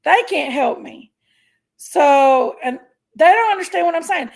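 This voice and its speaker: High gravelly woman venting. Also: measured pace, long pauses. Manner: chatty storytelling, venting, thanks viewers. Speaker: livestream host. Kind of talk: casual livestream chat.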